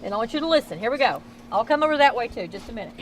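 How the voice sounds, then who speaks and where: Rapid-fire and expressive, a middle-aged tour guide with a Southern Texas accent and a slightly high voice tells ghost stories to a crowd. It's a nighttime town street tour outdoors, recorded roughly on a tour member's camera, and her style is chatty and folksy.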